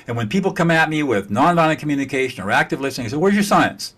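A blunt man talking as an expert guest, forceful and dismissive, hammering points home with repetition. His voice sits at an average pitch for a man, and his talk is emphatic and a little profane. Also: expressive, rapid-fire. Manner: slightly profane. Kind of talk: emphatic conversation.

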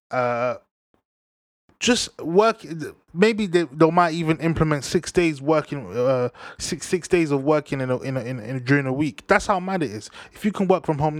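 A man's voice: mid-range voice, no room sound. A young man ranting to camera, heated, slangy and full of swearing and restarts. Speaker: vlogger.

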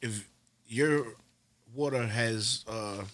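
A man's voice: mid-range voice, very slow, noisy background. A man in a casual podcast chat, blunt, slangy and teasing.

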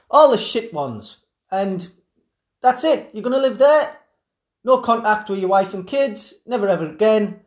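A man's voice: high voice, lively intonation, a little slow, long pauses. A man impersonating a smarmy male TV presenter who gleefully gloats as a kidnapper in a comedy sketch. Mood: gloating. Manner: gloating, theatrical. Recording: roomy echoing room.

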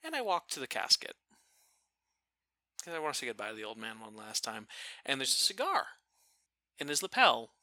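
A man casually telling a funny family story, animated and profane, laughing now and then. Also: medium pitch, normal speed, long pauses, dry recording. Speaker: storyteller guest.

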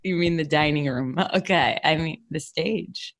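A young woman comic with a thick Brooklyn accent. She talks loudly with quick wit and pokes fun at herself, her voice pitched a little low. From New York. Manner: loud, quick-witted, self-mocking. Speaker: stand-up comedian guest. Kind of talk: casual comedic chat.

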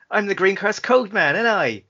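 A man's voice: sits high, gravelly, pushed and bright, voice pushed up, full character voice. A man voicing a cheery rustic West Country bloke with a broad sing-song burr, on a dull lo-fi recording. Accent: West Country (put on). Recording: dull lo-fi podcast sound.

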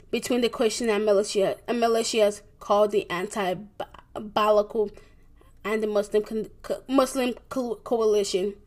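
A young woman giving a presentation, reading from her notes haltingly, with many restarts, corrections and fillers. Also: medium pitch, a little mellow. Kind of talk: reading a school presentation on world events.

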